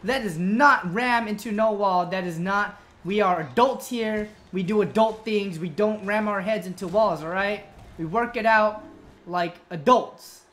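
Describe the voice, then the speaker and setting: A woman commenting on her own gameplay, scolding the monster like an unruly child, swearing and yelling when things go wrong. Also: medium pitch, a little slow. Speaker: gamer.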